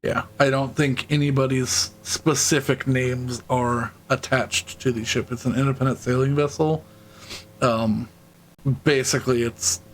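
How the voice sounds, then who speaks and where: A man running a tabletop game as game master, talking slowly in a gravelly voice. He narrates haltingly, with fillers, throat-clearing and frequent laughs. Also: mid-range voice, slight background noise, rough recording.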